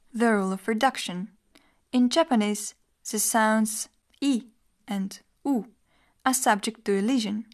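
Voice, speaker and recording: A woman teacher reading a scripted lesson in an even, measured explanatory tone. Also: on the high side. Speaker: language teacher.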